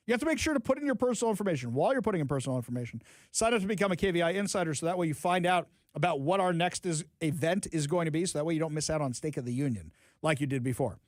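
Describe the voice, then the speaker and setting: A man's voice: on the high side, animated, rapid-fire, no echo. A man hosting a political talk radio show, reading news items and breaking into sarcastic, mocking asides. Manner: reads news items aloud, then comments on them.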